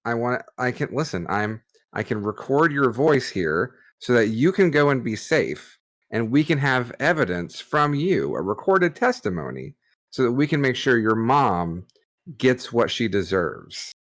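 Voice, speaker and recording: A man's voice: mid-range voice, big pitch swings, a little slow. A man playing a tabletop game, talking earnestly in character with stammers. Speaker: player.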